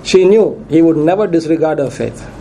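A man's voice: on the high side, lively intonation, normal speed, mellow, slight background noise, low-quality recording. A man preaching a sermon who reads scripture aloud, cites verses and repeats questions to his congregation for emphasis.

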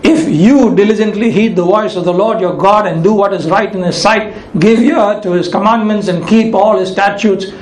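Emphatic high-voiced man preaching. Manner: emphatic, slows to stress key words and repeats them. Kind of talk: sermon. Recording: echoey room with faint ambient noise.

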